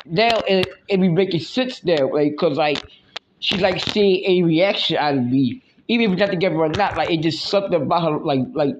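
A man's voice: fairly high pitch, brisk, lo-fi sound, a little hiss or hum. A man hosting a casual solo podcast, rambling and slangy with lots of filler words, often teasing and mock-scolding. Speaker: podcast host.

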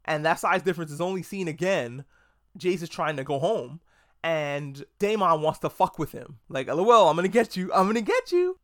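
Excitable, cursing man reviewing a show. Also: fairly high pitch, dry recording, clean studio sound. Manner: excitable, profane, rambling. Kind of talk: casual video review.

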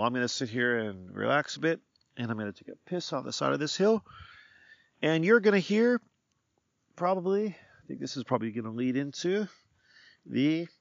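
A man's voice: mid-range voice, gravelly, fairly bright tone, no echo, lo-fi sound. A middle-aged man, a former teacher, hosting his podcast in a candid, rambling, jokey monologue outdoors on a hillside.

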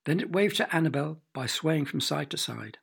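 A man narrating a children's storybook with expressive, playful sound effects. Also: fairly high pitch, moderate pace, vocal fry, breathy edge.

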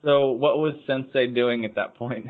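A man on a podcast, calmly giving his analysis of an anime with frequent hesitations. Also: medium pitch. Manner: measured, analytical, hesitant fillers. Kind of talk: casual anime discussion. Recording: tinny phone-like line.

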